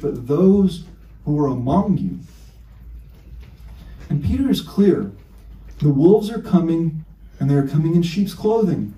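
A man's voice: on the high side, dark tone, reverberant. A male pastor preaching an emphatic sermon full of rhetorical questions, heard from a distance in a church.

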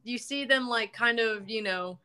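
A woman's voice: a little high, unhurried, over a noisy crowd. A woman hosting a podcast in casual chat, talking loosely with lots of ums and casual swearing. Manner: chatty, swears casually, many fillers. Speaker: podcast host.

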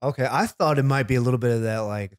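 A man co-hosting a podcast, teasing his friend with deadpan provocations. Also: mid-range voice, fast talker, dry recording, clean studio sound. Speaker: podcast co-host. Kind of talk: casual chat.

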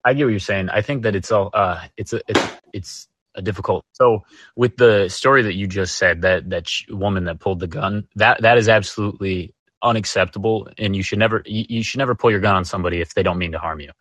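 A man with a low, bright voice makes his case in a measured way. He hesitates and restarts often while he lays out his reasoning. The sound is dry and close. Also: no echo. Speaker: discussion partner. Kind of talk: calm debate.

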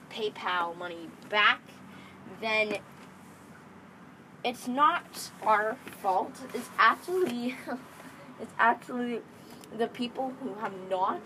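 A woman's voice: medium pitch, background noise. A teenage girl rambling bossily in a casual monologue, often correcting herself. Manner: bossy, rambling, self-correcting. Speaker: young vlogger pitching a game club.

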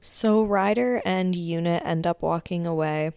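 A woman's voice: fairly low pitch, measured pace, gravelly, a little mellow, clean tone, no echo. A woman hosting a podcast, giving a blunt, casual recap of a TV show, swearing often and filling with "like". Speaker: podcast host.

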